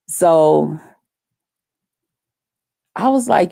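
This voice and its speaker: A woman's voice: mid-range voice, expressive, a little slow, mellow, dry recording, studio quality. A woman hosting a casual live stream, talking loosely with lots of profanity and greeting viewers by name. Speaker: livestream host.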